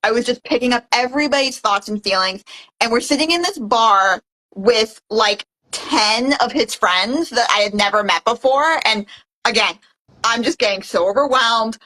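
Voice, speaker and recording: Bright, animated young woman. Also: on the high side, low-quality recording. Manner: fast and animated, heavy use of "like". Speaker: guest. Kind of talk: casual testimonial storytelling.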